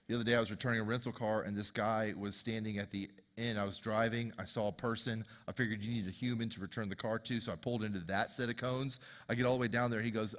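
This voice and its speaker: A man's voice: fairly low pitch, fairly even intonation, rapid-fire, hardly any pauses, fairly bright tone, long reverb tail. A man preaching a sermon in a church, talking to the congregation in a conversational, joking storytelling way with asides. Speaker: pastor. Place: church sanctuary.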